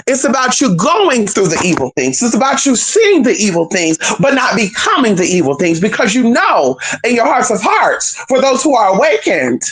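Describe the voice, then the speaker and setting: Brief: fiery profane preacher on a stream, wildly swinging pitch, shouted call-outs. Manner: call-and-response exclamations, heavy cursing, swoops between high cries and low asides; reads scripture slowly and drawn out. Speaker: spiritual teacher streaming a talk.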